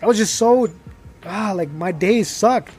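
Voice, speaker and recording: A man's voice: high-pitched, unhurried, a little mellow, slight background noise. A young man telling his own life story in casual, rambling talk, full of fillers and restarts, growing heated as he goes.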